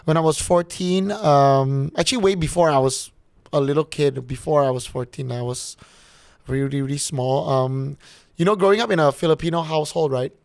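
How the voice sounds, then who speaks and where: A man with a Malaysian English accent, a podcast guest telling stories in a chatty, slangy, animated way. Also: on the high side, moderate pace, creaky, clean tone, no echo, studio quality. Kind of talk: casual podcast storytelling.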